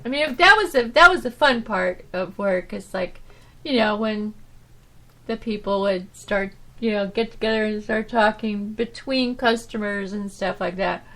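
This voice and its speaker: A woman hosting her own podcast, telling stories from her old job in a rambling, animated way, full of restarts and "you know"s. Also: medium pitch, unhurried. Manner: animated, swinging from loud to soft. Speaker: podcast host. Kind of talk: casual storytelling monologue.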